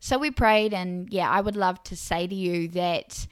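A woman's voice: lowish voice, a little slow, smooth, dry recording. A woman hosting a faith-based parenting podcast, speaking earnestly and encouragingly straight to listening mothers. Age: adult parent of a young child. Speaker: Christian parenting podcast host.

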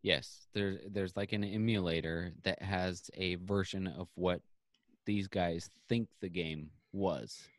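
A man's voice: low voice, steady tone, takes it slowly, no room sound, clean studio sound. A man co-hosting a podcast, explaining things loosely and hesitantly in casual chat. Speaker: podcast co-host.

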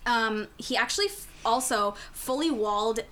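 A woman's voice: on the high side, normal speed, a bit bright. A woman hosting a podcast, recapping history in casual, chatty talk, swearing freely and laughing often. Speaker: podcast host.

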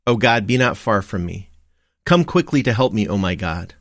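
Man reading morning prayer, steady and measured, lowish voice, very dry close sound. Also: dry recording. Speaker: liturgy reader.

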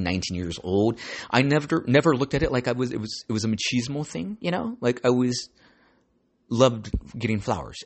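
Husky-voiced man hosting a podcast. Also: lowish voice. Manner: rambling storytelling, swears, calls listeners "dude". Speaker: podcast host. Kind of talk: casual solo podcast chat.

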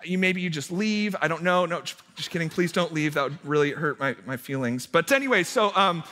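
A man's voice: fairly high pitch, lively intonation, a little fast, pushed and bright. A young man, a youth pastor, giving a casual sermon full of fillers and restarts as he tells a camp story. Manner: chatty, self-deprecating, many fillers and restarts. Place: church hall. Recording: long hall reverb.

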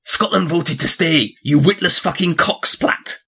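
A man voicing a put-on Scottish accent, reading insults slowly and savouring them. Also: fairly high pitch, creaky, pushed and bright, heavily acted. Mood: mock insulting. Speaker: guest.

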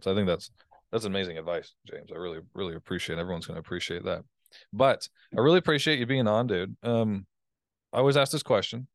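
Fast-talking low-voiced podcast host man. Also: no echo, clean studio sound. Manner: agreeable, mimics apologetic callers. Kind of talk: casual interview talk.

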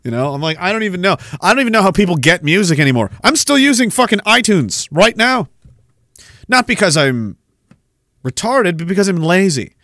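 A man in his thirties rants sarcastically on his podcast with a lot of swearing. His voice sits high for a man and swings widely. The sound is close and dry. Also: big pitch swings, pushed and bright, no echo. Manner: sarcastic, profane, fast-shifting rant. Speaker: podcast host. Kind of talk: ranting podcast monologue.

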